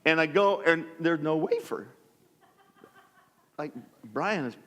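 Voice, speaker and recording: A middle-aged male pastor with a slightly high voice speaks slowly in a large hall, a church sanctuary, telling funny personal stories in his sermon. He's animated and self-deprecating, acting out voices as he goes.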